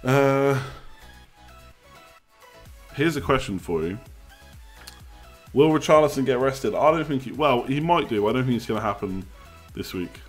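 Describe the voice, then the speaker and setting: A man's voice: medium pitch, lively intonation, moderate pace, pauses often, soft background music. Chatty man on a live stream. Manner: chatty, joking, reads chat aloud. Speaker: livestream host. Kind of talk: casual live chat.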